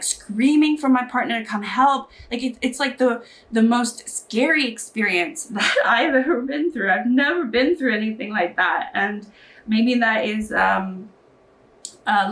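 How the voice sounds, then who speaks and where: A woman's voice: mid-range voice, a bit bright. A woman beauty vlogger chatting casually while getting ready, rambling with lots of fillers. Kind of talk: chatty get-ready-with-me talk.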